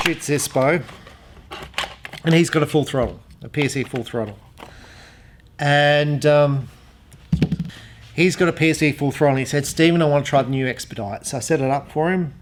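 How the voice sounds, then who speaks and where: A man's voice: fairly high pitch, background noise. A man who runs an archery shop, casually demonstrating an arrow rest and rambling through customer stories. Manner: chatty, rambling storyteller. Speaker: archery shop owner reviewing gear. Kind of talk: casual product demo.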